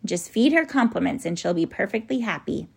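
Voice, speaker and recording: A woman voicing a bold young boy with a dry, excitable manner. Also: mid-range voice, a little fast, gravelly, slightly rough, full character voice.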